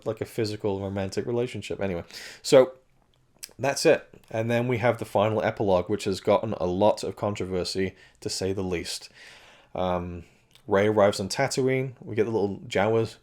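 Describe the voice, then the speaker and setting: A man's voice: lowish voice, brisk, darkish tone. Man with a strained, cracking voice. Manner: rambling, with frequent restarts and self-corrections. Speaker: film reviewer. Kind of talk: casual spoken film review.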